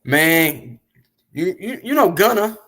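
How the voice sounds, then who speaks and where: A man being interviewed, telling long, animated, profane stories about the music business in a casual way. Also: high voice, takes it slowly. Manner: animated, profane, rambling storyteller. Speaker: interview guest, music industry figure.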